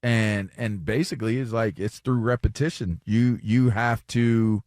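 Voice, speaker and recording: A man's voice: lowish voice, fairly even intonation, unhurried, a little mellow, no room sound, clean studio sound. A man co-hosting a sports radio show, telling stories in a loose, rambling way and repeating words as he goes. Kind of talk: casual sports talk. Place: radio studio.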